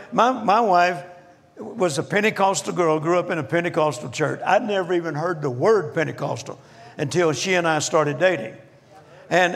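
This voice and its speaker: An older man preaching a folksy, jokey sermon as guest minister in a church, slowing down to stress points. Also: high-pitched, gravelly. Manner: folksy, jokey, slows down for emphasis. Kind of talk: humorous storytelling sermon. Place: church auditorium. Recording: reverberant church hall.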